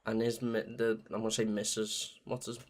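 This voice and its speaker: Chatty podcast co-host. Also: male voice, lowish voice, completely flat delivery, moderate pace. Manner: chatty, laughs often, jumps in mid-sentence. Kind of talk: casual chat about video games.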